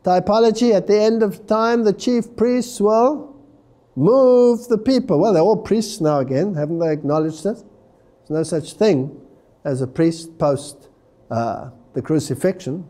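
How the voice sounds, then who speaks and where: A man's voice: sits high, warm tone. A man giving an emphatic Bible prophecy lecture, explaining history and reading scripture aloud. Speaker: religious lecturer.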